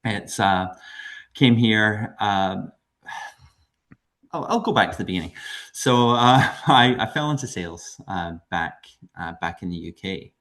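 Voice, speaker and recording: A man's voice: lowish voice, expressive, measured pace, fairly bright tone. A middle-aged Scottish man, a podcast guest, telling anecdotes in a chatty way and chuckling often. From Scotland. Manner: chuckles through anecdotes, frequent ums and restarts. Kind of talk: conversational storytelling.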